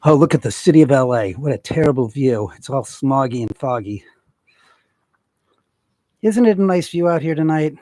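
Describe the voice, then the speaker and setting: A man's voice: mid-range voice, moderate pace, long pauses. A man hosting a live stream, chatting in a rambling, profane way and answering viewer comments as he goes. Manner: animated, profane, reads viewer comments aloud.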